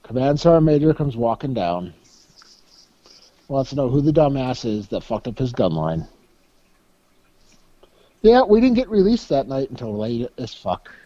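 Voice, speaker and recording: A man's voice: medium pitch, very animated, a little slow, pauses often, dark tone, dry recording, muffled recording. A man co-hosting a podcast, telling crude, laughing, profanity-laced army stories in casual chat. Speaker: podcast co-host. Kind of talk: casual storytelling.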